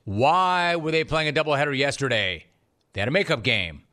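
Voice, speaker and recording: A man hosting a sports talk show, delivering an energetic, sarcastic monologue with jokey asides in a studio. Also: mid-range voice, moderate pace.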